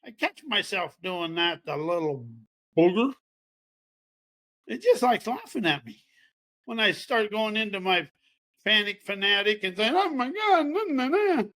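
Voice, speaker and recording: Folksy, high-voiced man preaching self-help. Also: expressive, a little slow, pauses often, pushed and bright. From American Midwest farming region. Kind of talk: motivational talk.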